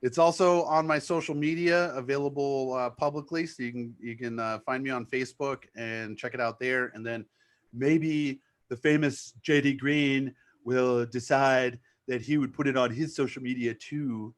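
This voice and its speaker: Male DJ, New England accent, eager rambling talker, casual chat. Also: medium pitch. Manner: excited, fast and rambling. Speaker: DJ promoting his live mix show.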